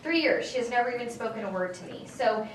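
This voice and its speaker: A woman's voice: fairly high pitch, expressive, quick pace. Chatty woman speaking in an echoey room. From California, Central Valley. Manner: chatty storytelling with many fillers and asides. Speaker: state assembly member giving a talk. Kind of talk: informal speech to a political group. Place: meeting room at a local political gathering. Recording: echoey room, distant, faint background noise.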